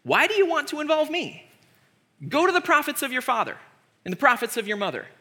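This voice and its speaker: A sarcastic, taunting prophet who brushes off his visitors in a high, bright voice, as a preacher puts him on. He talks quickly and mockingly. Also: very animated, long reverb tail, heavily acted.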